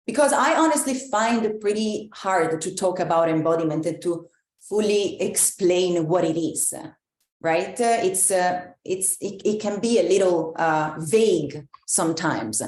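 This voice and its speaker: A woman with an Italian accent gives a live, reflective talk to an online group as a movement coach, with many pauses and restarts. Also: lowish voice, darkish tone, roomy sound. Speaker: embodiment coach.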